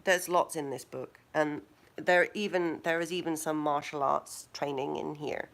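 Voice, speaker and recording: Woman live streamer, low voice, unhurried, gravelly fry, casual recommending. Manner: relaxed, recommending, storytelling.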